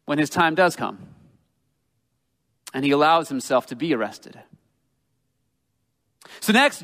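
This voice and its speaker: Male preacher, slightly high voice, earnest and emphatic sermon delivery, long hall reverb. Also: a bit bright. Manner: earnest, emphatic, slows down for quoted scripture.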